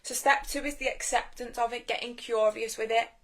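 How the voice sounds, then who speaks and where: A woman's voice: on the high side, fairly even intonation, fairly quick. Chatty woman coaching live. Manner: chatty, swears freely, talks straight to viewers. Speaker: live-stream coach on inner healing. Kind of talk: casual teaching on a live stream.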